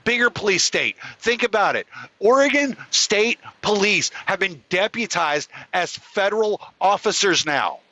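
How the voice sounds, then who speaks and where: A man's voice: sits high, expressive, a little slow, pushed and bright, low-quality recording. A man hosting his own show, delivering an angry, profane rant. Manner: furious, profane, heated ranting. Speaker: podcast host. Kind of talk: angry ranting monologue.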